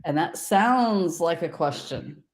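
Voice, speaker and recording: A woman's voice: lowish voice, expressive, takes it slowly, background noise. A woman dog trainer speaking on a video call, direct and confident, explaining tones of voice to use with dogs. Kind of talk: casual instructive chat.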